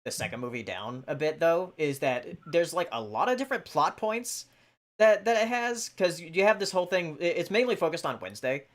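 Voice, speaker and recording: A man hosting a podcast in casual chat, talking hesitantly and filling pauses with "um" and "like". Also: a little high, animated. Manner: hesitant, many fillers. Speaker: podcast host.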